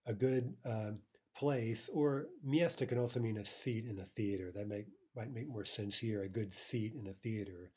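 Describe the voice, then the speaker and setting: A man teaching a recorded language lesson, explaining patiently, with fillers and restarts, and slowing down to read example words. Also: on the low side, darkish tone, slightly rough.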